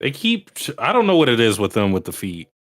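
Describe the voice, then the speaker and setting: A man's voice: mid-range voice, wildly swooping pitch, brisk. A man co-hosting a podcast in casual chat, reacting with blunt disbelief and reading out viewer comments. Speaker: podcast co-host.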